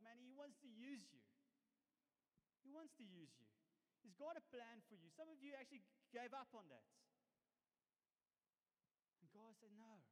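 Male preacher, high pitch, self-deprecating and lively, church hall with long reverb. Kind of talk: sermon.

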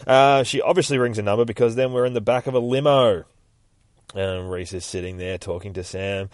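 A man's voice: fairly low pitch, flat delivery, fairly quick, dry recording. A man hosting a casual comic book podcast, retelling a story in a rambling way and swearing freely.

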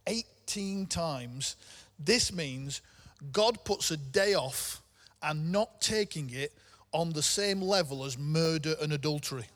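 A man's voice: on the high side, lively intonation, takes it slowly, a bit bright. A middle-aged man preaching a sermon in a conversational way, with humorous asides. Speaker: pastor. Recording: long hall reverb.

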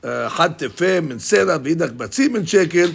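A man teaching a Talmud study class, explaining the text in an animated way and acting out both sides of the argument in quotes. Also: on the high side, moderate pace, vocal fry, slight background noise.

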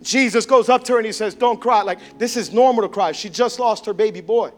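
A male pastor giving a sermon, swinging between impassioned shouts and hushed, intimate tones. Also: sits high, a little fast, soft background music.

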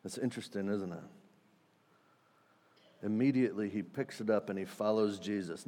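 A man preaching a sermon in a conversational, animated way, acting out quotes with sudden loud and soft turns. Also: lowish voice, in a large hall. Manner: conversational, animated, acts out quotes with shifts in loudness. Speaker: pastor.

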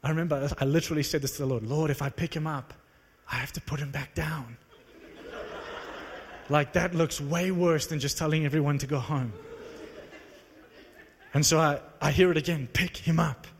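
A man preaching to a live audience, telling a story in an animated, conversational, self-mocking way. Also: on the high side, normal speed, long pauses, slight background noise. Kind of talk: sermon storytelling. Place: large hall with live audience. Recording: long reverb of a large hall.

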